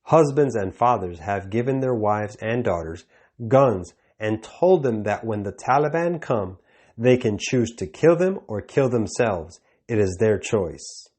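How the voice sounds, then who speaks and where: Man reading ministry news, measured. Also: mid-range voice, darkish tone. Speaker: news presenter.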